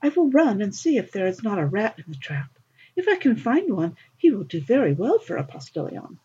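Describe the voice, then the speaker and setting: A woman voicing a meek, gentle young servant girl in a storybook reading, soft and timid, on a dull lo-fi recording. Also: medium pitch, very animated, brisk, husky.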